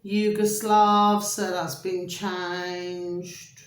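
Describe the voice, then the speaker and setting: A woman's voice: lowish voice, expressive, slow, reverberant. A woman vlogging to camera in a chatty, meandering monologue that keeps drifting off track. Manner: chatty, meandering, easily distracted; calls viewers "my delicious little babies".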